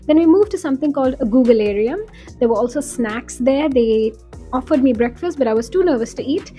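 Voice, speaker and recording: A woman's voice: high-pitched, expressive, a little fast, warm tone, faint music behind. A woman narrating her day in a casual, enthusiastic vlog voice-over. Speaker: vlogger.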